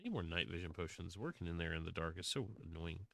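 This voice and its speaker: Low and gravelly with a fairly bright tone, this Southern-drawling streamer talks fast and animatedly while he plays. He rambles through casual chatter, keeps restarting his sentences and reads the viewers' chat out loud.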